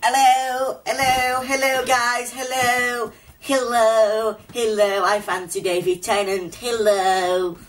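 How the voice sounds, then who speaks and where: A young man voicing a chatty, gushing actress in a falsetto in a homemade comedy skit. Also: level tone, slow pace, fairly bright tone, heavily acted. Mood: giddy.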